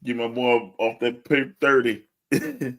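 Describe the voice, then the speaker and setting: A man co-hosting a wrestling podcast speaks at a measured pace in a mid-range voice. He chats casually, laughs often, and brings animated energy to his storytelling.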